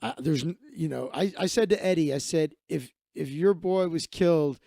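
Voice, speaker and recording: Gravelly, high-voiced male streamer. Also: warm tone, dry recording, clean studio sound. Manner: rambling, profane, quick asides. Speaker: live stream host. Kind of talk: casual live stream storytelling and chat replies.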